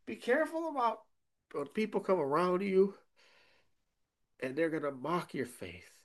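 A man preaching a sermon as a pastor, emphatic, often checking in with "okay?", and swinging between loud emphasis and quiet asides. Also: sits high, big pitch swings, a little slow.

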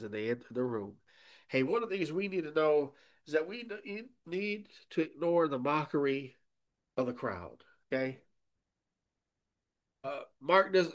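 A man preaching a sermon as a pastor, emphatic, often checking in with "okay?", and swinging between loud emphasis and quiet asides. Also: a little high.

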